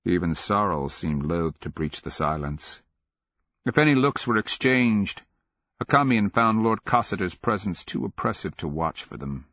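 A man reading a dark fantasy story aloud in a measured, grave narration. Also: fairly low pitch, dry recording, lo-fi sound. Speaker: audiobook narrator. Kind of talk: scripted narration.

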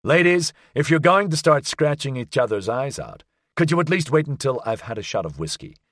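A man's voice: mid-range voice, sing-song, fairly quick, a bit bright, dry recording. Man reading a wry sardonic detective. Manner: dry, sardonic. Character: wry unflappable male private detective.

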